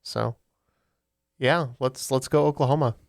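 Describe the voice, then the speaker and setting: A man works through trivia answers out loud, hesitant and searching. His voice is gravelly with a middle pitch. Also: a little slow. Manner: hesitant, thinking aloud. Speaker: quiz contestant. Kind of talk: casual podcast banter.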